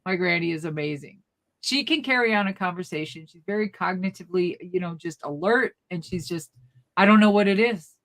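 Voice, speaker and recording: A woman co-hosting a live show, telling a rambling, animated family story in casual chat. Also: lowish voice, a little fast. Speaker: co-host.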